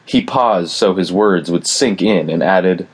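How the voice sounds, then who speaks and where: Man, audiobook narrator, scripted narration, low-pitched, dry close recording. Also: measured pace, slightly rough, no echo.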